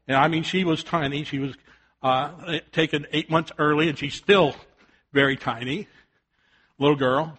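Older man, preacher, high voice, bright tone, folksy storytelling, shouted warnings and hushed appeals. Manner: swings from loud shouted warnings to soft quiet appeals. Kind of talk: sermon.

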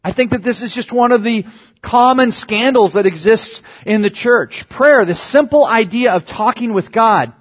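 High-voiced husky pastor preaching. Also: male voice. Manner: earnest teaching with emphatic stresses. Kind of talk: sermon. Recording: dull lo-fi sermon recording.

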